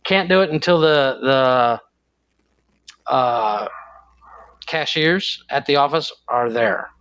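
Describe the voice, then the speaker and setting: A man's voice: mid-range voice, takes it slowly, fairly bright tone, muffled recording. A man co-hosting a podcast in casual chat, rambling and searching for words. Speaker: podcast co-host.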